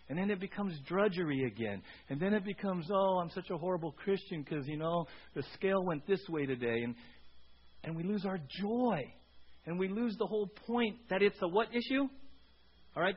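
Husky, high-voiced pastor preaching. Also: male voice, muffled recording. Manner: asks the congregation rhetorical questions. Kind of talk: sermon.

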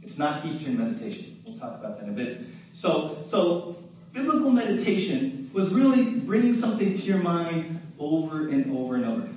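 A man's voice: on the high side, sing-song, moderate pace, a little mellow. A man preaching a sermon in a church, talking to the congregation in an easy, conversational way, asking them questions and saying "right?" often. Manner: conversational, asks the crowd questions, repeats "right?". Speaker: pastor. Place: church sanctuary. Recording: very echoey hall, mic at a distance, faint noise.

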